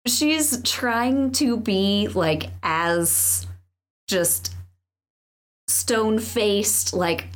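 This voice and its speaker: A woman playing a tabletop game, explaining her character in an unhurried, matter-of-fact way. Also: mid-range voice. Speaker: player. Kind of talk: casual chat in a tabletop game.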